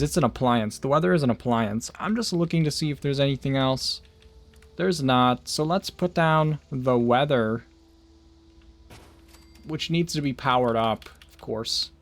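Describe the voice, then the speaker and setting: A man casually chatting to his viewers while playing a game on a livestream, rambling with jokey asides. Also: medium pitch. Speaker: streamer. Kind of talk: casual gaming livestream chat.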